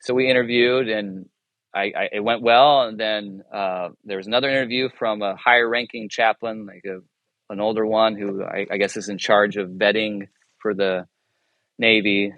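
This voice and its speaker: A man's voice: lowish voice, steady tone, normal speed, no echo, dull audio. Rambling storyteller man, dry sound. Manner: rambling, self-interrupting, chuckles often; acts out dialogue in his anecdotes. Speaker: guest, military chaplain. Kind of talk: casual storytelling interview.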